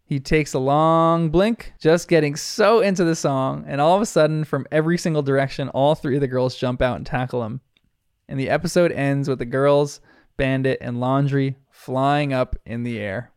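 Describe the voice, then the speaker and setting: A man's voice: medium pitch, fairly even intonation, moderate pace, clear, resonant tone, no echo, clean studio sound. A man giving an earnest, reflective episode recap commentary as a show reviewer. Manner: earnest, reflective retelling with soft laughs.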